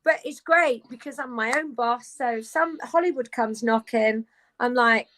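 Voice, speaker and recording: A woman guest on a casual live video chat, lively and candid, talking from her beauty room at home. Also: on the high side, unhurried, slight background noise, low-quality recording. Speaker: guest, actress. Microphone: video call.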